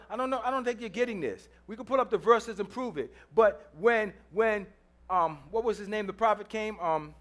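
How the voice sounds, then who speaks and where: A man's voice: high-pitched, a bit bright. A man preaching a sermon in a church, telling a story with humor, acting out the people in it and repeating phrases for emphasis. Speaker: pastor.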